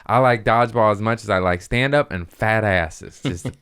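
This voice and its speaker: A man hosting a comedy podcast, telling a story casually, profane and animated, acting out the people he quotes. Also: fairly low pitch, moderate pace, slight background noise.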